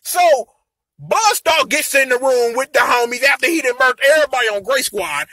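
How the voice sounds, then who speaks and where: A young man reviewing a show episode in an animated, slangy rant, acting out the characters as he goes. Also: very high-pitched, normal speed, no echo. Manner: animated, slangy, acts out characters in quoted voices. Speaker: anime and tokusatsu episode reviewer.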